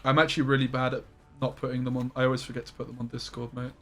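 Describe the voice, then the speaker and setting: Excitable streamer yelping in surprise. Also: male voice, mid-range voice, very fast, soft background music. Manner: excitable, bursts into loud surprised yelps. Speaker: game streamer. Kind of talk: live-stream commentary.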